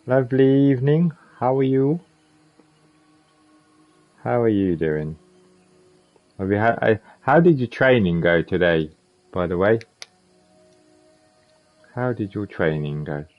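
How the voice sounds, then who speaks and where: A man's voice: low-pitched, expressive, unhurried, long pauses, highs cut off, soft background music. A man, a streamer chatting casually and repeating himself while he plays. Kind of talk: casual chat while gaming.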